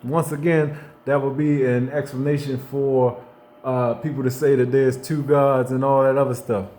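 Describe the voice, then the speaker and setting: A man giving an unscripted faith monologue in a folksy, conversational way. He repeats himself and restarts often, moving between hushed reflection and fired-up bursts. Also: mid-range voice, level tone, moderate pace, slight background noise. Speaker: motivational faith speaker.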